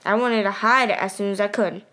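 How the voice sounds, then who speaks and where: A woman's voice: mid-range voice, fairly even intonation, fairly quick, a bit bright. Woman reading a storybook aloud. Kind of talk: first-person storybook narration.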